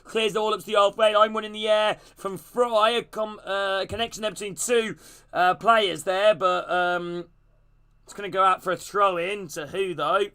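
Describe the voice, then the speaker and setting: A man streaming a live football watch-along, calling the play and greeting his chat in a casual, excitable way. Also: sits high, moderate pace, clean tone. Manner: casual, greets chat between plays, gets loud and excited on attacks.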